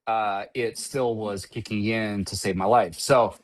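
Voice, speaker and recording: A man's voice: fairly low pitch, fairly even intonation, unhurried, crowd noise. A middle-aged man, a track-day driver, recounting a crash in casual, rambling conversation with frequent restarts. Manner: rambling, restarts often, storytelling. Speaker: guest driver.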